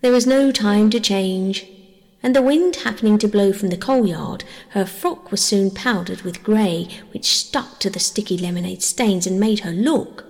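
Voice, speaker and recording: Female narrator, gentle bedtime reading; gravelly texture, reverberant hall. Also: medium pitch, a little slow. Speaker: audiobook narrator.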